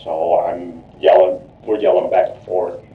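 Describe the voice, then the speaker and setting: A deep-voiced man gives a rambling, repetitive account during a police interrogation, circling back on himself with constant "you know, like". He sounds distant from the microphone in an echoey room on a lo-fi recording. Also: little pitch movement, measured pace. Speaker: murder suspect under questioning.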